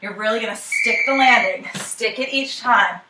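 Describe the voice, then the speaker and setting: A young woman coaches a cardio workout while doing it herself, breathing hard between cues and counting down each set. Her slightly high voice carries from a distance in an echoey room with clear noise behind. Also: normal speed. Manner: encouraging, counting down reps. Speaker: fitness instructor. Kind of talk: workout instruction while exercising. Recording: echoey room, camera mic from far off.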